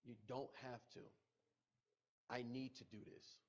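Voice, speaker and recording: A middle-aged man on a podcast tells the personal story of a painful loss with emotion, going over it repeatedly and quoting people. His medium-pitched voice is unhurried with a flat delivery, heard through muffled audio.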